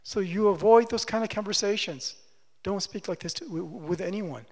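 A man's voice: sits high, moderate pace. A male preacher giving an emphatic sermon, repeating his phrases and putting questions to the congregation. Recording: long reverb of a large hall.

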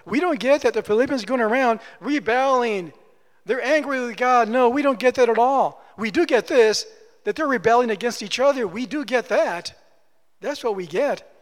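A man's voice: extremely high pitch, moderate pace. A man preaching a conversational sermon as pastor, emphatic and repeating phrases for stress. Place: church. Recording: long church-hall reverb.

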